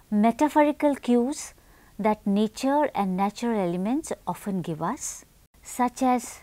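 A woman teaching a class, speaking slowly and deliberately and putting questions to her students. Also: fairly high pitch, darkish tone, no room sound. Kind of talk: classroom lesson with poem reading.

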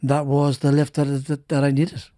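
Guest: middle-aged ex-driver, rambling storyteller, mid-pitched man, dry close podcast mic. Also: monotone, normal speed, mellow, no echo. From Northern Ireland. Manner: rambling, frequent restarts and repeated words. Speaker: former racing driver, guest. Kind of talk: casual interview storytelling. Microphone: studio podcast mic.

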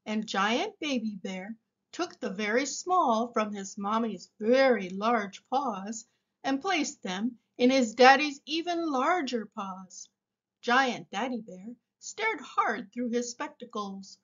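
A woman reading a picture book aloud for young children in a slow, expressive way. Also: a little high, highs cut off. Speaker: storybook reader.

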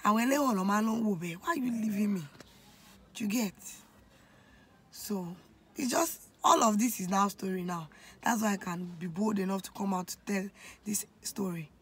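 A Nigerian-accented woman in her twenties shares a heartfelt personal story on her vlog. Her voice sits at an ordinary middle pitch, and she confides in her viewers as if talking to friends. A faint hiss lies underneath. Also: moderate pace, fairly bright tone. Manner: emotional, confiding storytelling that addresses viewers directly. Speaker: vlogger.

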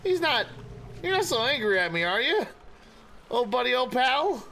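Goofy high-voiced man gaming. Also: sing-song, moderate pace, creaky, sharp tone, slight background noise. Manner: goofy, talks to animals, sings and yelps. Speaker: gaming streamer. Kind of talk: playful let's-play commentary.

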